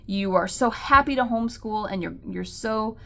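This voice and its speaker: A woman with a gravelly, fry-tinged voice who talks to other homeschool parents in an earnest, encouraging way. She sits in the middle of the female range in pitch and fills her sentences with likes and ums. Her tone stays warm in intent and reassuring. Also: moderate pace. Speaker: homeschool mom and channel host. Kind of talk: encouraging talk to camera.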